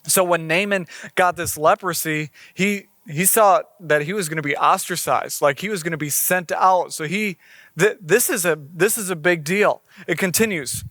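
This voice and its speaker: High-voiced man preaching conversationally. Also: normal speed, a bit bright, dry recording, clean studio sound. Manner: conversational preaching, reading scripture aloud with acted quotes. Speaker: pastor. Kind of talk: sermon.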